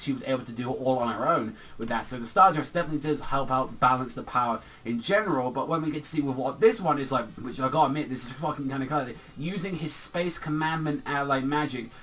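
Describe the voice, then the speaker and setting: A man's voice: mid-range voice, fairly bright tone, recorded from a distance. A man giving a casual, rambling manga chapter review, swearing a lot and using "like" constantly. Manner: rambling and profane, heavy filler "like".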